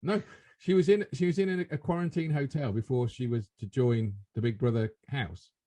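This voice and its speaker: A man's voice: medium pitch, steady tone, normal speed, warm tone. A man with a British accent, co-hosting a casual chat, indignant and full of rhetorical questions. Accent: British English. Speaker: podcast co-host.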